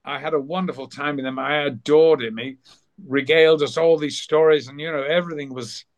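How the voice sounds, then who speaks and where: A man, a guest actor in a podcast interview, telling long backstage stories in a relaxed, meandering way. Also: fairly high pitch, fairly quick.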